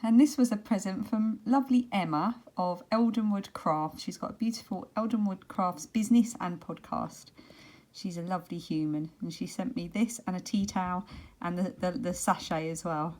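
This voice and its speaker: British woman chatting away at home, lowish voice, laughs a lot. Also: moderate pace, darkish tone. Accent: British English. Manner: chatty, rambling, laughs often. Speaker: craft vlogger. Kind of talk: casual chat to camera. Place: home, bedroom and bathroom.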